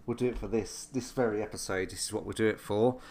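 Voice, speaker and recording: A man's voice: fairly low pitch, fairly even intonation, fast, darkish tone. A man co-hosting a podcast in casual chat, hesitant and stumbling over his words. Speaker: podcast co-host.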